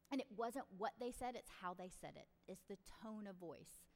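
A woman's voice: medium pitch, expressive, moderate pace, few pauses, big-room sound. A middle-aged woman hosting a parenting talk, chatty and direct, often acting out what parents and kids might say. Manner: chatty, direct, acts out parent and child lines. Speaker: parenting podcast host. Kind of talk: casual advice talk.

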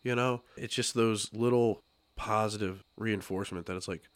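A man's voice: lowish voice, steady tone, moderate pace, no echo. A man hosting a podcast studio chat, upbeat and encouraging, his voice a little worn as he loses it. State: losing his voice. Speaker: podcast host.

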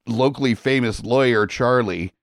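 A man co-hosting a podcast in casual chat, telling wry stories in a relaxed way. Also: mid-range voice, moderate pace, dry recording, clean studio sound. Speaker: podcast co-host.

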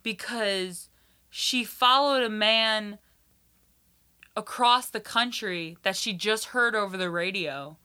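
A woman chatting casually as a podcast guest, telling animated stories with lots of "like" fillers and frank swearing. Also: mid-range voice, slow pace, clear, resonant tone. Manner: animated storytelling, many "like" fillers, swears freely. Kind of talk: casual chat.

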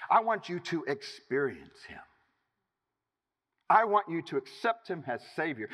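A man preaching a sermon as pastor, emphatic, with dramatic pauses. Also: a little high, a bit bright. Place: church. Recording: reverberant church hall.

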